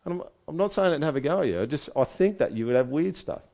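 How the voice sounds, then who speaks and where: A man's voice: on the high side, expressive, fast, warm tone. A man preaching a sermon in a conversational way, asking his listeners one rhetorical question after another. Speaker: pastor.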